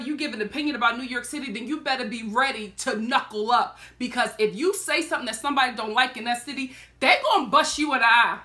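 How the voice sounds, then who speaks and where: A woman from Philadelphia telling a story in a casual reaction vlog, animated and laughing often. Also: high-pitched. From Philadelphia, USA. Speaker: reality TV reaction vlogger.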